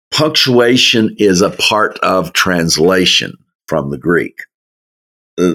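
A man leading a verse-by-verse Bible study, speaking in a slow, folksy way with chuckling asides. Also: low-pitched. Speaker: Bible teacher.

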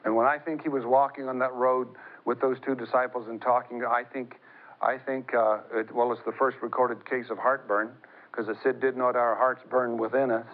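A middle-aged man preaching a sermon, telling stories in an animated way that climbs high as he gets excited. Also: normal speed. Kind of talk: sermon with storytelling. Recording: tinny phone-like broadcast sound.

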